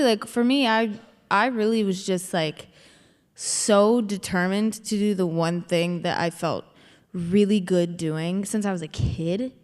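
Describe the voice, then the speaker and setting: Twentysomething woman rambling on stage, says like a lot, mid pitch, big hall echo. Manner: rambling, heavy with filler words. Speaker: singer and actress guest. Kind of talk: onstage conversation. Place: live event stage. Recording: long hall reverb.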